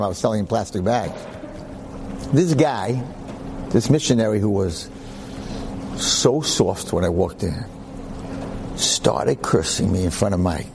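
A man giving a storytelling lecture in an animated, joking, conversational way. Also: mid-range voice, moderate pace, long pauses, slight background noise. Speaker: Jewish lecturer.

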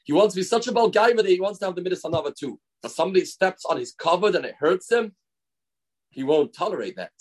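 A man's voice: high voice, animated, fast talker, a little mellow, husky. A man giving a daily Torah lesson as a rabbi, explaining through stories and acted-out quotes. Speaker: rabbi teaching a daily class.

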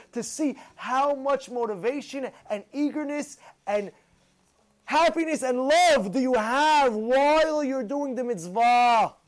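A man teaching a Torah class, animated, acting out excited voices with gasps and rhetorical questions. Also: very high-pitched.

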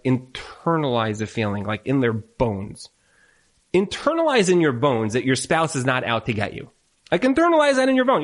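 A man giving marriage advice to a live audience on a handheld mic, emphatic and repetitive, full of rhetorical questions. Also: medium pitch. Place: event room with an audience.

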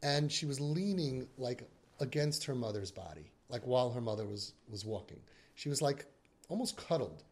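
Male parenting coach, animated storytelling, mid-range voice. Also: mid-range voice, moderate pace. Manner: animated storytelling, Yiddish and Hebrew words. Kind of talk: podcast talk.

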